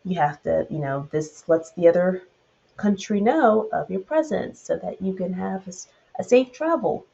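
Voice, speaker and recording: A woman's voice: fairly low pitch, expressive, normal speed, vocal fry, warm tone, highs cut off. A woman with a Southern US accent teaching a Bible study, retelling the verses and then adding loose commentary of her own.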